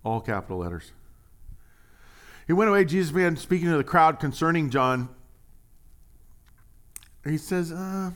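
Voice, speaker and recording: A man preaching a conversational sermon as pastor, animated and joking, swinging from hushed asides to loud emphasis. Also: fairly high pitch, normal speed, long pauses.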